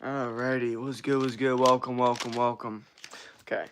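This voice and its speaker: A young man chatting casually on a morning livestream, loose and rambling, swearing often, with a rough morning voice. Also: medium pitch, level tone, normal speed, fairly bright tone, a little hiss or hum. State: morning voice, sore from workout. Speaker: streamer.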